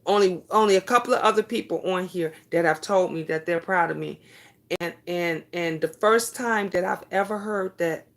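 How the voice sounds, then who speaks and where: A woman's voice: fairly low pitch, moderate pace. A woman in her fifties hosting a casual live stream, chatting and answering viewer comments. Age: 50s.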